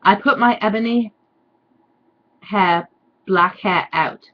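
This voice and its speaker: A woman giving a sarcastic dramatic reading with deadpan, mocking asides. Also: medium pitch, slow, lo-fi sound. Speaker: reader and commentator.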